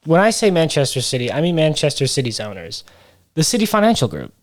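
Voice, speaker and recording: A man's voice: fairly high pitch, very animated. Man hosting a casual podcast chat. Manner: explanatory and teasing, with halting fillers. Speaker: podcast host.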